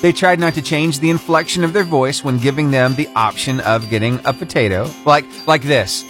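A man's voice: medium pitch, moderate pace, fairly bright tone, soft background music. A man hosting a short radio feature segment, telling the story in a chatty, playful way with punchy emphasis. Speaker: radio host.

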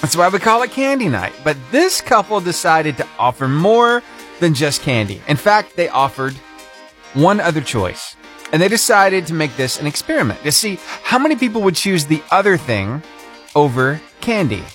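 A man's voice: on the high side, big pitch swings, normal speed, fairly bright tone, soft background music. A man hosting a short radio feature segment, telling the story in a chatty, playful way with punchy emphasis. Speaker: radio host.

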